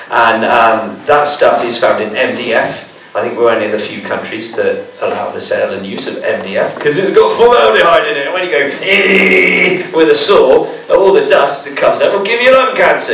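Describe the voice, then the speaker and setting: A man with a mid-range, slightly bright voice jokes his way through a live bug presentation before an audience in a school hall. The recording is echoey, with the mic far off and a little noise in the background.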